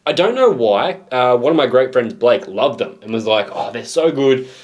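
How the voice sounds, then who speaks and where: A man's voice: medium pitch, moderate pace, lo-fi sound. A man with an Australian accent co-hosting a music reaction show, chatting casually and teasing his co-host. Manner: teasing, animated storyteller. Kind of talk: casual chat.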